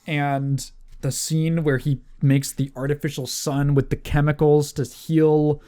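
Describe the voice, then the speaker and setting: A podcast co-host in a casual movie review chat, rambling and correcting themself, quick to laugh. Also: medium pitch, flat delivery, dark tone.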